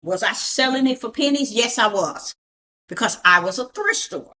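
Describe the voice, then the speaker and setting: A woman's voice: on the high side, expressive, normal speed, sharp tone. A middle-aged woman, a prophetess, talking emphatically and preachily as she shows things around her home, often asking "you see?". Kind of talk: casual show-and-tell at home.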